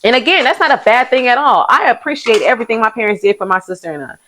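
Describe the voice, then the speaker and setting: A woman's voice: fairly high pitch, animated, fast talker, a bit bright, slight background noise, low-quality recording. A young woman hosts a vlog, talking candidly and casually about parenthood. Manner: candid, chatty, uses southern US vernacular, laughs often. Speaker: vlog host. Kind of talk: casual confessional chat.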